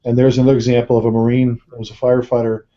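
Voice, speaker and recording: Stammering host with a dark voice. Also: male voice, mid-range voice, completely flat delivery, racing. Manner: stammering, repeats words when starting. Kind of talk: casual panel talk. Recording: muffled lo-fi web call audio.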